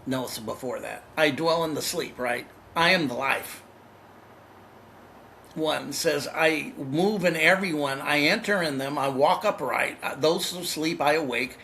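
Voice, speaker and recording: Bright, emphatic man teaching from a text. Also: fairly high pitch, a little slow, vocal fry, slight background noise, low-quality recording. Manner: reads passages aloud, then explains them in repetitive, emphatic bursts. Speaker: spiritual teacher.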